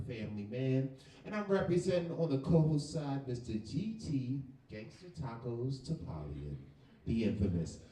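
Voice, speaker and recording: Brief: loud club emcee, swooping voice, distant mic in an echoey room. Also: male voice, on the high side, noisy background. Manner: brash, crowd-pumping. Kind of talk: hype emcee introductions. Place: comedy club stage.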